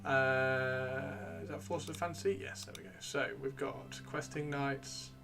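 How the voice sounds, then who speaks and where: A man's voice: medium pitch, fairly even intonation, takes it slowly, sharp tone, slight background noise. A man hosting a livestream, chatting casually and rambling to himself as he browses, with the odd swear. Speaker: livestream host. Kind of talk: casual chat while gaming.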